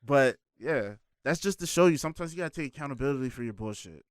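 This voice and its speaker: A man in a casual podcast chat, telling stories in an animated, profane way. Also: medium pitch, quick pace, clear, resonant tone, no room sound, clean studio sound.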